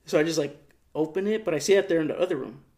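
Rapid-fire and a little high-pitched, a young man spins a story as a podcast co-host. He's slangy and profane, animatedly acting out the characters' lines.

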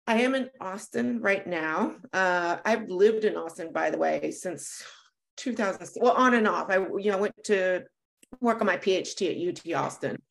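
A woman guest on a live stream, talking in a chatty, loose way. Her pitch is in the middle of the usual range, and she often doubles back on her words mid-sentence. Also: gravelly. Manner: chatty, with restarts and quick laughs. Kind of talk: casual conversational chat. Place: Austin, Texas.

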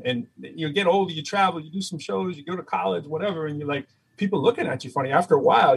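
A man from Massachusetts with a Boston accent, a rapper and teacher chatting in an interview and telling animated stories. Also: fairly high pitch, fast, vocal fry, few pauses, husky, rough recording. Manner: animated storyteller, does voices, laughs often. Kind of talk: casual interview chat.

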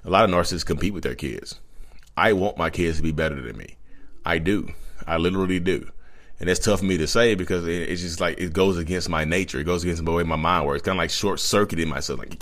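Brief: man in his thirties, very low voice, fast and rambling, blunt vlog confessional. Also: fairly bright tone. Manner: blunt, rambling, with self-corrections. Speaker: vlogger. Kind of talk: candid confessional monologue.

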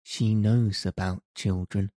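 A man's voice: fairly low pitch, fairly even intonation, slow pace, mellow, no room sound, clean studio sound. A man voicing a timid, lonely little girl in an audiobook, with hesitant, stammering pleas. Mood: timid pleading. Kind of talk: audiobook character reading.

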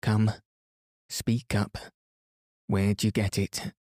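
A man reading the lines of a gruff, suspicious older workman who scolds in rough dialect. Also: on the low side, level tone, drawn-out words, a little mellow, dry recording, studio quality. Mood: scolding.

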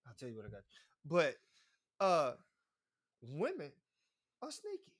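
Podcast co-host telling stories, animated, does high voices for quotes. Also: male voice, a little slow. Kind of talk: casual storytelling chat.

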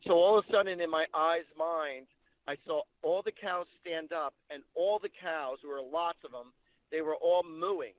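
A man's voice: on the high side, moderate pace, dry recording. Man telling stories over a tinny line. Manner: chatty, animated retelling with quoted dialogue. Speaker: psychic medium guest. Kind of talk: casual storytelling.

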